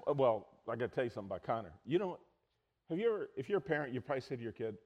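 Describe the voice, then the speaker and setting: A middle-aged man preaching a sermon, telling stories and acting out quoted lines loudly. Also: mid-range voice, fast talker, highs cut off. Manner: storytelling, animated, acts out quotes loudly. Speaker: pastor.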